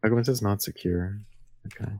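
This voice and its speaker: A man's voice: lowish voice, fairly even intonation, fairly quick, darkish tone. A man co-hosting a casual podcast who gives short, dry replies and points out small details. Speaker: podcast co-host. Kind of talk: casual chat.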